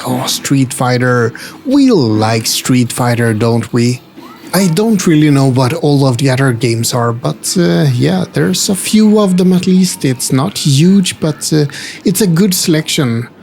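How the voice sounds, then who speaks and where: A man with a gravelly edge to his voice narrates at a relaxed, unhurried pace while walking through a retro game store. He talks in a chatty way, slipping in wry asides and gentle jokes as he films on a handheld camera. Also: mid-range voice. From Sweden. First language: Swedish. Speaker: travel vlogger and host. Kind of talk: casual walking-tour narration. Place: indoor multi-floor retro game store.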